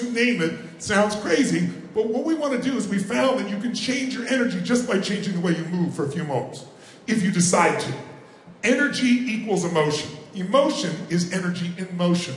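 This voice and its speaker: A man giving a motivational seminar, rallying a live audience with questions and call-and-response, often shouting. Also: very high-pitched, a little hiss or hum. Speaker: motivational speaker. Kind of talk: live seminar address to a crowd. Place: large event hall with a live audience. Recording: echoey hall, faint ambience.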